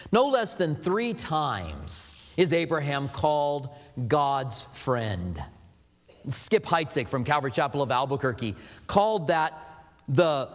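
A pastor preaching a sermon in a loose, conversational way, with asides and filler words. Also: male voice, medium pitch, big-room sound.

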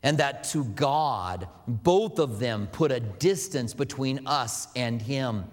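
A man's voice: mid-range voice, animated, slow. Male pastor, conversational sermon delivery with asides, recorded in a reverberant hall. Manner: conversational preaching with asides and filler words.

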